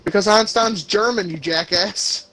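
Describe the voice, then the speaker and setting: A young man co-hosting a podcast, ranting and swearing in an animated casual chat. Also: high voice, unhurried, low-quality recording. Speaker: podcast co-host.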